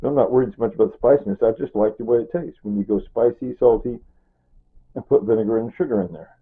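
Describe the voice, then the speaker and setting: A man's voice: fairly low pitch, fast, breathy edge. A middle-aged man from Kansas chatting casually in a home cooking vlog, rambling into asides and asking "right?" and "see?" as he goes. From Kansas, USA. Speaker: vlogger. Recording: tinny phone-like sound.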